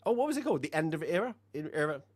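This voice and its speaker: A man's voice: on the high side, big pitch swings, racing, no echo. Chatty rambling man, very dry sound. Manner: rambling, chatty, lots of fillers and restarts. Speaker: film review co-host. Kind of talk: casual chat.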